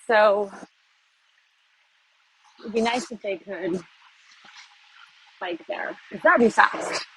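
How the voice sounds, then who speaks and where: A woman's voice: mid-range voice, slow pace, sharp tone, husky, low-quality recording. An American woman vlogging casually while walking city streets, rambling and self-deprecating, recorded on a phone. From United States.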